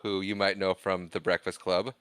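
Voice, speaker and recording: A low-voiced man with little pitch movement co-hosts a laid-back film podcast at normal speed, sounding slightly bright and smooth. He laughs frequently, jokes at his own expense and reads the credits, all on a dry recording.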